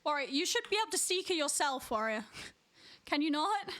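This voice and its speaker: A woman streams a hide-and-seek game live, chatting casually and giving running commentary to the other players. Her voice is high-pitched and lively at normal speed, a bit bright, with slight background noise.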